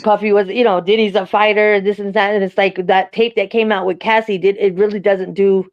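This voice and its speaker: A chatty woman co-hosting a casual talk, with laughs slipping between her words. Her voice is middle in pitch and comes through a dull, slightly lo-fi recording. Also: level tone, a little fast. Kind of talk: casual chat.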